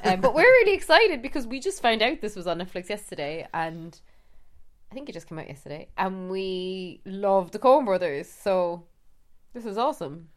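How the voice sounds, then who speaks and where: A woman's voice: medium pitch, expressive, normal speed. A woman co-hosting a casual chat with her husband at home, playful and teasing. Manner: playful, teasing, laughs often. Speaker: podcast co-host. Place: home sofa.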